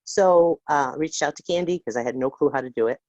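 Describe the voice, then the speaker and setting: A woman's voice: sits low, fairly quick, a little mellow, dry recording. An older woman, a grandmother, calling in to a group call and speaking in a heartfelt, earnest way. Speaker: caller. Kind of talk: casual group call talk. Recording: dull lo-fi call audio.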